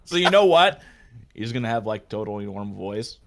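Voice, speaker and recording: A man's voice: fairly low pitch, very animated, fairly quick, vocal fry, fairly bright tone, slight background noise. A man running a tabletop game as game master, chatting loosely and swearing between laughs. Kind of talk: casual game narration.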